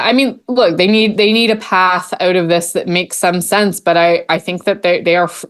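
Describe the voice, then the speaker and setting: Woman with a lowish voice: political panelist, dry wit, quick analysis. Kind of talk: casual panel chat.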